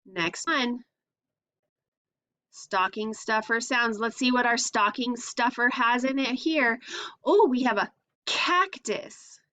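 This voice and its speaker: A woman's voice: fairly high pitch, steady tone, takes it slowly, sharp tone. A woman teaching a phonics lesson to young children, patiently sounding out letters and asking simple questions.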